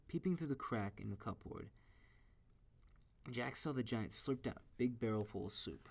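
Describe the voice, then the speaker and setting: A man reading a children's story aloud in a steady, expressive way. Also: mid-range voice, moderate pace, vocal fry, pauses often.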